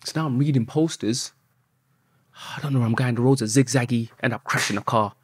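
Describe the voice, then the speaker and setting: A man, a podcast guest telling a story in an animated way and swearing often. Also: medium pitch, a little fast, husky, no echo, studio quality.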